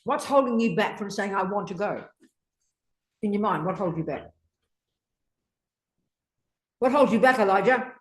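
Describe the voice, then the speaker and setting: Speaking quickly and expressively at a medium pitch, an older female Buddhist teacher grills her student in a brusque, combative way. She curses without restraint, and the teaching room echoes around her.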